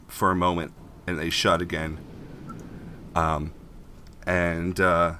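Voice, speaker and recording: A man's voice: sits low, sharp tone, a little hiss or hum. A man narrating a tabletop game as game master, in a rambling, filler-heavy way.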